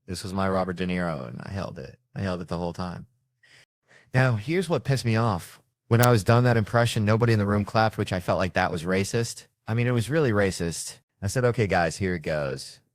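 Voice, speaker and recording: Deep-voiced man telling a comic story. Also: no echo. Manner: animated, swears freely, acts out other people's lines. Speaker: comedian.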